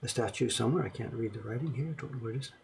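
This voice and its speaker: A man with a gravelly voice at an ordinary pitch, chatting casually as he shows his collection to the camera. He rambles and thinks aloud, poking fun at himself as he goes. A faint hiss of noise sits under the recording. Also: racing. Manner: rambling, musing aloud, self-deprecating. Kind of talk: casual show-and-tell to camera.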